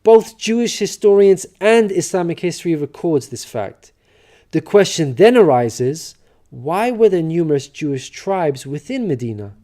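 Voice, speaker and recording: A man reading a scripted religious narration in a measured, earnest, explanatory way. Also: fairly high pitch, a little mellow.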